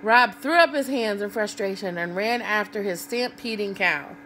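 A woman's voice: medium pitch, normal speed, bright, forceful tone, slight background noise, poor audio. A woman reading a picture book aloud to children, stopping to ask young listeners about the pictures. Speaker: children's read-aloud host.

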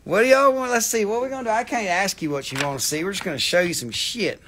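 A man's voice: on the high side, expressive, a little fast, fairly bright tone. A man with an Appalachian accent hosting a live crystal sales stream, joking around in a goofy, slangy drawl. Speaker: livestream host selling crystals.

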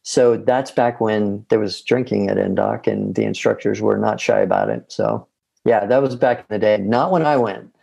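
A man's voice: on the low side, normal speed, vocal fry, a little mellow, husky. A man, a podcast guest, telling long casual stories with rambling restarts. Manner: rambling, self-interrupting anecdotes. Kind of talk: casual storytelling.

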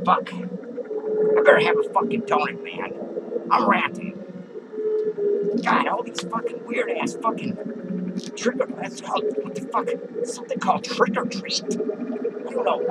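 A man's voice: very high voice, wildly swooping pitch, measured pace, pauses often, very noisy, exaggerated voice. A man doing a foul-mouthed ranting clown. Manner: profane, rambling ranting. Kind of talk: comedic character monologue. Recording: loud music playing behind the voice.

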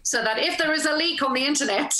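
A woman actress telling a casual story as an interview guest, animated and acting out the lines she quotes, over a video call. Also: sits high, quick pace. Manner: animated, laughs often, acts out quoted lines. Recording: roomy echo.

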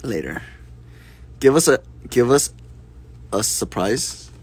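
A man casually answering fan questions on a live stream, soft-spoken and unhurried, reading questions aloud before he replies. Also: medium pitch, big pitch swings, slightly rough.

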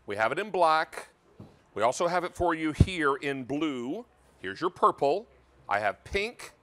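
A man hosting a live TV shopping show in a studio kitchen, making an upbeat, persuasive sales pitch about prices and stock. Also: big pitch swings, a little slow, fairly bright tone, a little hiss or hum. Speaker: shopping channel host.

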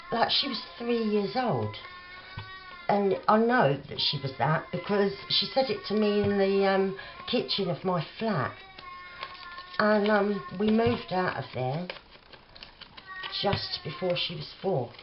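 A middle-aged woman with a Cockney accent chatting casually while crafting at home, rambling softly with plenty of fillers. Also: mid-range voice, expressive, takes it slowly, long pauses, over music. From England. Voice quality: soft, rambling with many fillers. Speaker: craft vlogger. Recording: dull lo-fi home recording with noise.

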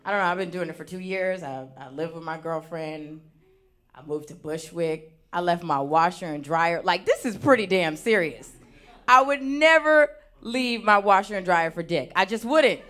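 A young woman doing a stand-up comedy set on a theater stage, talking with lively, animated swings in loudness. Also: on the low side, normal speed. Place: theater stage before a live audience.

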